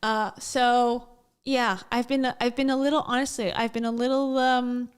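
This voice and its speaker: A woman's voice: on the high side, little pitch movement, normal speed, clear, resonant tone. A woman hosting her own channel, talking in a chatty, joking, casual commentary style. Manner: chatty and joking, with frequent laughs and restarts. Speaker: vlogger host.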